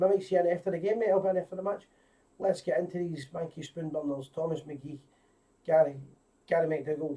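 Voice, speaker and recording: Scottish guy running a live fan stream, bit high voiced, rambly and chatty, mic a wee bit far off. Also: mellow. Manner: chatty, greets viewers by name, rambling with restarts. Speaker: host of a live fan show. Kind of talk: casual live-stream chat.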